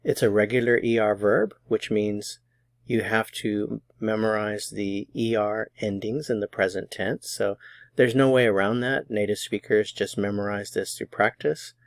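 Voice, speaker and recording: Guy teaching spanish, slow and patient, kinda low voice, dry close sound. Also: fairly even intonation, dry recording. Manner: patient, methodical, slows down on example phrases. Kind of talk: explaining grammar lesson.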